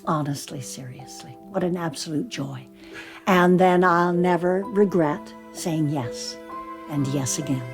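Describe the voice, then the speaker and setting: An older woman, an actress and storyteller, chatting in an interview and telling lively anecdotes about her acting. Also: lowish voice, a little slow, soft background music. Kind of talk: casual interview chat.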